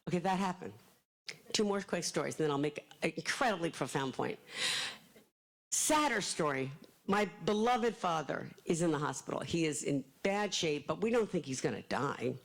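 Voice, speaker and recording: A middle-aged woman, an author, telling animated, self-deprecating stories to a live audience and acting out the quotes. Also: deep voice, normal speed, creaky, poor audio. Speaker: author speaking at a library event. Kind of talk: storytelling talk to a live audience.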